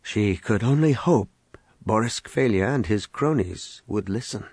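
A man reading an audiobook in a measured, dramatic narration. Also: on the low side, expressive, a little mellow, slightly rough, no echo, rough recording. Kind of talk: scripted narration.

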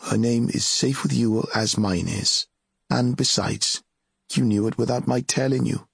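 A man voicing a loyal, warm-hearted young male wizard friend in an audiobook, speaking in a steady, friendly manner. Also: mid-range voice, measured pace, creaky, slightly rough, no echo, studio quality, voice pushed up, full character voice. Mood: reassuring. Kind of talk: audiobook character reading.

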